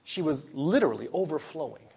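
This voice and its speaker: A man preaching a sermon, retelling a Gospel story in an earnest, storytelling way with pauses and sudden emphasis. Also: fairly high pitch, expressive, creaky, mellow, breathy edge.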